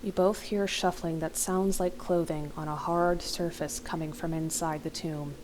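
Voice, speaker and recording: A woman's voice: low voice, fairly even intonation, normal speed, darkish tone, slight background noise, rough recording. A young woman hosting a let's play, reading an interactive horror novel aloud into a desk mic, breaking her dramatic reading with startled gasps and comments. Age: young adult.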